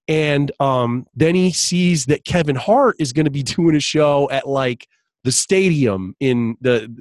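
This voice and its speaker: A man with a somewhat high voice rambles through a story on a casual podcast. He restarts his sentences often and chuckles as he goes, recorded dry and close. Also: no echo. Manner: laughs while telling stories.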